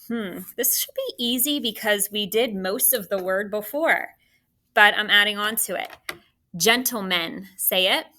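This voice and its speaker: During a spelling lesson for children, a female teacher takes her time, spelling words out one letter at a time in a deliberate manner. She has a medium pitch and a sharp tone, with slight background noise behind her.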